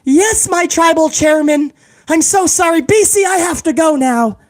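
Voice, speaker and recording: A man's voice: very high voice, measured pace, pitched above the performer's own voice. A man putting on a comedic impression of a whining, pleading male wrestling executive who plays the victim. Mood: whiny. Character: whiny, self-pitying male wrestling executive.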